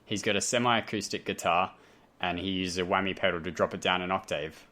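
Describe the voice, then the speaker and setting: A lightly Australian-accented podcast host chats from home over a voice call, rambling into self-deprecating tangents. His low voice is pushed and bright, with a steady tone and a fairly quick pace.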